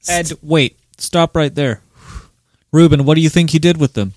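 A man co-hosting a casual podcast, teasing the others with quick quips. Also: on the high side, dry recording. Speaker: podcast co-host. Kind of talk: casual chat.

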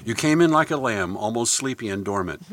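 A man on a comedy talk show, joking casually and reciting a rhyming comic poem in a deadpan way. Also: mid-range voice, a little fast, slight background noise. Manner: jokey, deadpan delivery of rhymes. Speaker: comedy contributor.

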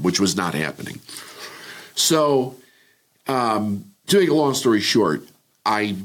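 A man's voice: fairly low pitch, expressive, slow pace, slightly rough. A middle-aged man, a podcast guest, telling his life story candidly and reflectively, with frequent restarts. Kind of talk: personal story in interview.

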